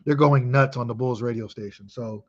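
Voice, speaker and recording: A man in his thirties from Chicago talks through an old memory, emphatic and full of swearing. His voice sits at a medium pitch. The recording sounds dull and lo-fi. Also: normal speed. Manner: excitable, emphatic, heavy swearing. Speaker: vlogger. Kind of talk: casual reminiscing monologue.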